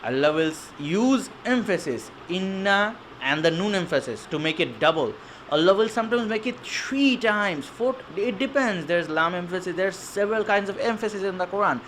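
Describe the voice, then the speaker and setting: A young man explaining grammar in a casual, animated lesson, acting out little voices for his examples. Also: sits high, normal speed, slight background noise, poor audio. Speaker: online Arabic teacher.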